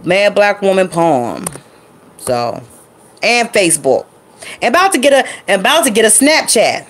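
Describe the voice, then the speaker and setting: A woman's voice: mid-range voice, very animated, normal speed. A woman vlogger chatting loosely and off the cuff to her viewers, calling them y'all. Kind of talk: casual impromptu vlog chat.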